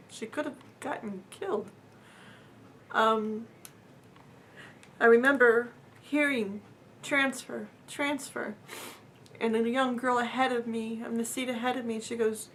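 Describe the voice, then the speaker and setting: A woman earnestly telling a personal story in a casual, halting way, with fillers and repeats, her voice sometimes dropping to a near whisper. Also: a little high, a bit bright, slight background noise.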